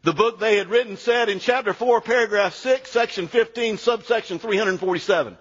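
A man preaching a sermon as pastor, emphatic and animated, sometimes dropping to a low, quiet delivery. His voice is husky. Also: a little fast, hardly any pauses. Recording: dull sound with long hall reverb.

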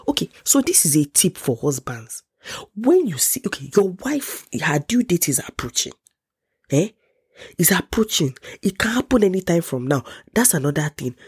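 A young woman with a Nigerian accent recounts a story to camera, dramatic and full of laughs. Her voice sits a little low and has a husky, breathy edge, and she sounds congested from a cold. She jumps up in pitch whenever she quotes someone. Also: a little mellow, no echo, studio quality. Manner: dramatic, acts out quotes in a raised voice, laughs often. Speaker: vlogger. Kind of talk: animated storytelling.

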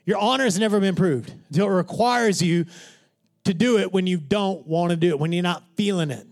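A man preaching a sermon in church, joking with the congregation and swinging from hushed whispers to shouts. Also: high-pitched, brisk. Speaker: pastor.

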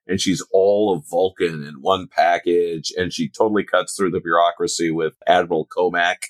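A man co-hosting a podcast in casual chat, animated, often slipping into mocking voices. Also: sits low, normal speed, no echo. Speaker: podcast co-host.

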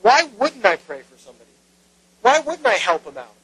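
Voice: mid-range voice, sing-song, normal speed, fairly bright tone, rough recording. A pastor voicing a priest who pleads that he only helped a hero. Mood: earnest. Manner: pleading rhetorical questions. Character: earnest, bewildered male priest.

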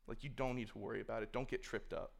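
A man's voice: fairly low pitch, fairly even intonation, quick pace, gravelly. A man speaking to a room of young people in a casual sermon, loose and conversational, filling his talk with "like" and voicing imagined thoughts. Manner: conversational, filler-heavy, acts out imagined inner thoughts. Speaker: youth speaker. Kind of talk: casual sermon to a youth group. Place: room with a live audience.

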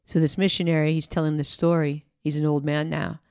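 Animated woman telling a faith story. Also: low-pitched, fairly quick, clean tone. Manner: animated storyteller who acts out the people she quotes; conversational, with frequent fillers and restarts. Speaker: devotional podcast host. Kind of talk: storytelling devotional talk.

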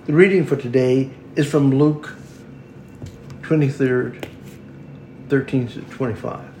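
A man's voice: mid-range voice, fairly even intonation, a little mellow. Man reading scripture in an echoey room. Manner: halting reading with restarts. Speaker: worship leader. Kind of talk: liturgical reading and prayer. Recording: echoey room with faint noise.

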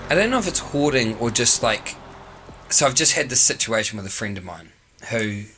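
Bright-voiced New man telling stories. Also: mid-range voice, moderate pace, a little hiss or hum. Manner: rambling, animated storytelling with swearing. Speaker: podcast host. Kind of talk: casual chat.

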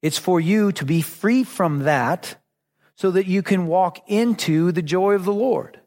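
A man's voice: high-pitched, measured pace, a little mellow, big-room sound. A man in his forties preaching a sermon in an earnest, emphatic, conversational way.

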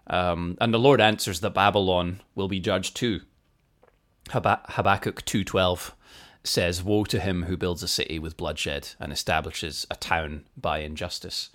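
A man's voice: low voice, steady tone, unhurried, a bit bright. A man co-hosting a podcast, explaining Bible facts in a thoughtful, self-deprecating way and laughing easily. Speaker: podcast co-host. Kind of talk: casual chat and Bible teaching.

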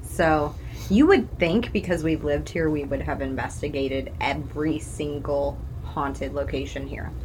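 A low-voiced woman from Alton, Illinois co-hosts a podcast, speaking at a measured pace against background noise. The casual chat finds her chatty and teasing.

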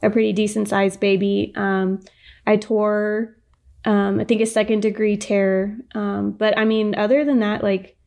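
A woman's voice: medium pitch, level tone, a little slow, creaky, darkish tone. A young woman casually telling a personal story as a podcast guest, chatty, with lots of fillers and frequent laughs.

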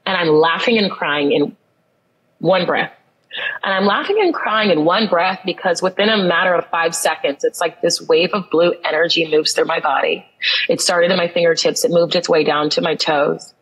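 A woman speaks a little lower than most, with a husky, breathy edge to her voice. She tells a personal story in an interview, earnest, and leans into emphatic repetition. It sounds like a conversational podcast. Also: moderate pace, fairly bright tone, rough recording. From United States. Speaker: guest.

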